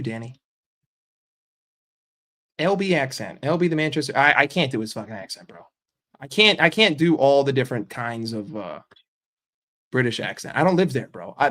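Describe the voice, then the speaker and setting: A man's voice: mid-range voice, a bit bright. An American man with an American accent, chatting casually with viewers as a streamer and football fan, crude and joking with frequent swearing. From United States.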